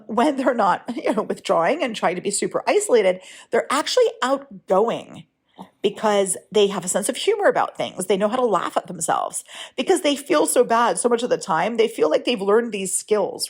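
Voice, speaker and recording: A woman hosts her own podcast as a writing coach, speaking in a relaxed, conversational way. She is frank and now and then mildly profane, and she keeps checking in with her listeners with a quick "right?". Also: a little high, slightly rough. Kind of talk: casual solo podcast talk.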